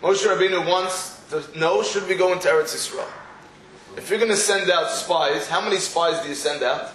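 A man with a notably high voice leads a Torah class, firing off rhetorical questions between stories. He sounds roomy and echoey, with a faint hum of ambience behind him. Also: normal speed, a bit bright. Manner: rhetorical questions, storytelling asides. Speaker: Torah teacher.

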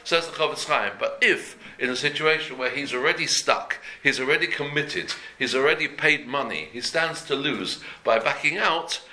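A man's voice: medium pitch, normal speed, hardly any pauses, pushed and bright. A man teaching a daily Jewish law class in an earnest, conversational way, repeating and rephrasing each point as he explains it. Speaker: Torah teacher. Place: room before a talk.

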